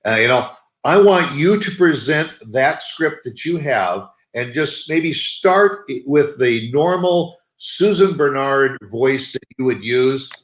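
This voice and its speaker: A man hosting a talk show over a video call, easygoing with halting restarts. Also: mid-range voice, lively intonation, muffled recording. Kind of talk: casual interview talk. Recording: echoey room on video call.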